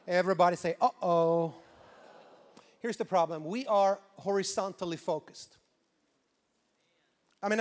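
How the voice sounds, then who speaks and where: A Swedish pastor with a Swedish accent and a high-pitched voice preaches a sermon, animated and swinging between quiet asides and loud preaching. The sound has a big-room quality.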